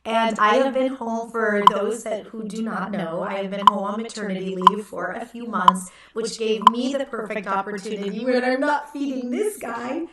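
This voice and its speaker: A woman's voice: mid-range voice, recorded from a distance, heavy background noise. A woman in her thirties hosting a casual live stream from home, chatty and playful, cooing at her baby, recorded on a computer mic in an echoey room. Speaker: host.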